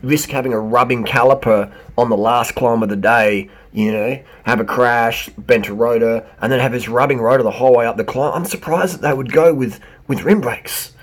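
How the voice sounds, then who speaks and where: A man, a bike shop owner, reacting to a clip with animated, sarcastic ranting. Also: medium pitch, moderate pace, hardly any pauses. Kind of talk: reaction commentary.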